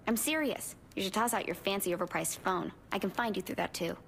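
An actress playing a paranoid young female hacker ally in a video game, with a dry, clipped, deadpan delivery. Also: medium pitch, brisk, creaky, slight background noise. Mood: wary. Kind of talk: video game cutscene dialogue.

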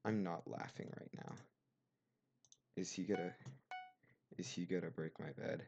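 Young male gamer, deep voice, gravelly fry, sarcastic running commentary, faint hiss and mouse clicks behind. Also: steady tone, measured pace, darkish tone, highs cut off. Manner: sarcastic, mock-offended rants. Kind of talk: gameplay commentary. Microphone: cheap desk mic.

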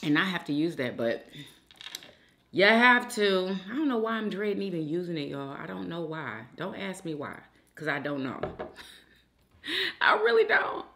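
Woman, young adult, mukbang host; relaxed talk with a lively rise and fall. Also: on the low side, normal speed. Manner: chatty, keeps addressing viewers as y'all. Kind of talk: casual chat while eating.

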